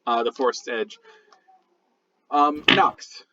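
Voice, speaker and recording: A man's voice: medium pitch, slow, pushed and bright. A man narrating a tabletop game as dungeon master, rambling with lots of fillers and restarts. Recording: dull lo-fi sound.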